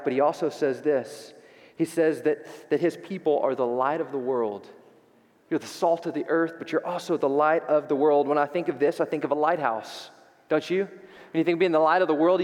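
Emphatic preaching man in a reverberant hall. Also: on the high side. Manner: emphatic, repeats rhetorical questions. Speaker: pastor. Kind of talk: sermon. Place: church sanctuary.

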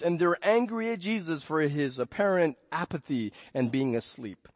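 A man preaching a sermon as pastor, telling the story in a lively way and dropping to a soft hush when reading scripture. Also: high voice, a little slow, no echo. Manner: animated storytelling, acting out panicked voices. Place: church.

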